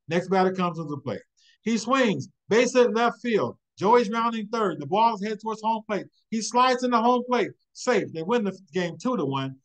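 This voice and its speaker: A man presenting a webinar, telling a motivational story with a rhythmic, repeated refrain and building excitement. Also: high voice, low-quality recording.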